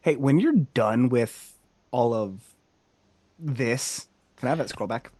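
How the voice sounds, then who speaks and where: A man's voice: mid-range voice, slow pace, darkish tone, no room sound. A man playing a tabletop game, chatting casually and asking questions about the scene.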